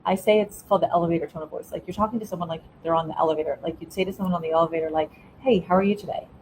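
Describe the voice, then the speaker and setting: A woman's voice: low voice, fairly even intonation, very fast, a little mellow, a little hiss or hum, poor audio. A middle-aged woman, a former school principal, talking casually as a podcast guest and explaining a method step by step while checking in with her listener. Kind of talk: casual interview talk.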